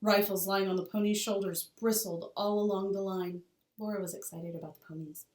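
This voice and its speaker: A woman teacher reads a children's novel aloud with an expressive storytelling cadence. She sits well back from the microphone in a roomy school room that echoes. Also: medium pitch, a little fast. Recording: roomy, distant mic.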